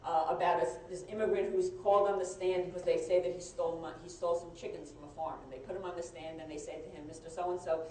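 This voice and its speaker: A woman lawyer giving a live compliance training talk, conversational and halting, with frequent restarts. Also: on the low side, flat delivery, dark tone. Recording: echoey room, mic far off, faint noise.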